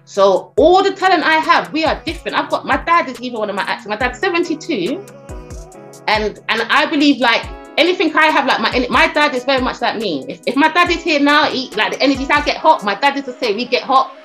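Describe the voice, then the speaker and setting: With soft music in the background, a middle-aged woman who works as a talent agent chats as a podcast guest, her high voice moving briskly. She tells stories animatedly, with many fillers and restarts.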